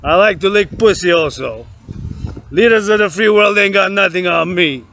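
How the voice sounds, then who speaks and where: A man from Canada giving a loud, profane, rambling rant, chanting and repeating words. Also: high voice, normal speed, gravelly, a little hiss or hum. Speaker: vlogger.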